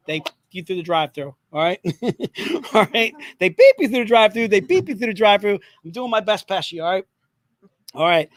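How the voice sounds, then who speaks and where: Upbeat man hawking comics, high voice. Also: no room sound. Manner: upbeat, repetitive hawking, joking asides. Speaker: host selling comic books. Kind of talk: livestream sales pitch.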